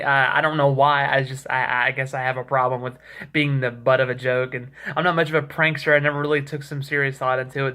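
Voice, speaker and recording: A man's voice: medium pitch, pushed and bright. A young man casually telling a rambling story to his camera, acting out the people he quotes. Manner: rambling, self-correcting, acts out quoted texts. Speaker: vlogger. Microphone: camera mic.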